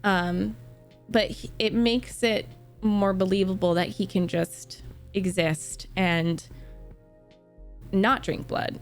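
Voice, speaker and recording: A young woman, a book streamer, chatting excitedly with viewers, swearing and laughing often. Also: medium pitch, slow pace. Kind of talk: casual chat with viewers. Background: faint music.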